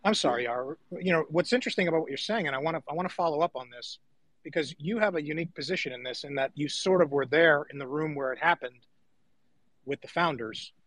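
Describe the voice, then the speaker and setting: A man's voice: fairly high pitch, quick pace, fairly bright tone, dry recording, rough recording. A man co-hosting a casual panel discussion, conversational as he leads and brings in guests. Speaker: podcast co-host.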